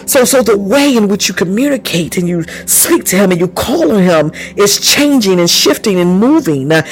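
Over a rough recording, a man with a high voice delivers a fervent, repetitive charismatic sermon. He exclaims praise often, breaking into bursts of it, and speaks in tongues.

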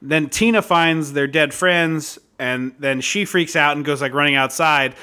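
A man's voice: fairly high pitch, measured pace, bright, forceful tone, clean tone. A man co-hosting a casual comedic movie review podcast, sarcastic and mock-exasperated at a bad film. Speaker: podcast co-host.

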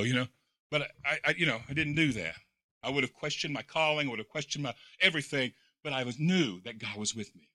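Bright-voiced preaching man, dry and close. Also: medium pitch, a little fast, no echo. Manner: folksy storytelling with many repeated words and fillers; swings between quiet reflection and loud excited preaching. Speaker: pastor. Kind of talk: sermon.

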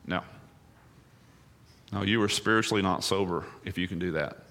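Male pastor, sermon delivery, bright forward tone, throws questions at the congregation, drops low then climbs to emphatic peaks. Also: moderate pace. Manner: rhetorical questions, swinging between hushed and emphatic.

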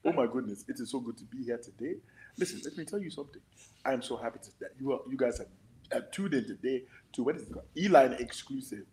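A man's voice: medium pitch, animated, fast, a little mellow, lightly acted, poor audio. A man putting on a Nigerian accent to play an effusive show host who greets listeners like a preacher. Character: exuberant male show host with a put-on accent.

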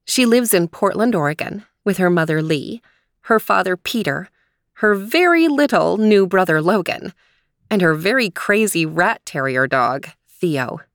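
A woman host narrating a children's story in a gentle, expressive voice. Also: fairly low pitch, a little slow, no room sound, clean studio sound.

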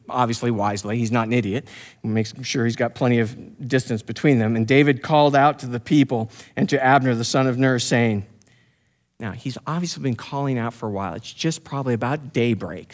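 A man preaching through a Bible passage, reading verses and adding casual, slangy commentary while acting out the quotes. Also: medium pitch. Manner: casual slangy asides, acts out quotes loudly. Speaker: pastor teaching a Bible passage. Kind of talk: expository sermon, reading scripture and commenting.

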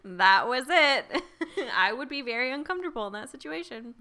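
A woman's voice: on the high side, animated, normal speed, pushed and bright. A woman co-hosting a podcast, joking and giggling through a casual book chat. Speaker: podcast co-host.

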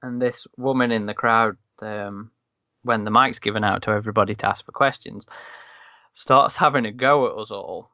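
A man telling a rambling story in casual podcast chat, often circling back and restarting his sentences. His voice sits a little low and comes through a slightly muffled, lo-fi mic. The room sounds dry and close. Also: fairly even intonation, moderate pace, bright, forceful tone, no echo. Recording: slightly dull, dry recording.

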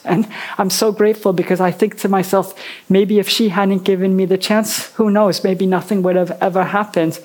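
A woman in her fifties talks at a medium pitch in a chatty, rambling way. She is an author and a guest in a casual interview on a book festival stage. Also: fairly even intonation, moderate pace, darkish tone, slightly rough.

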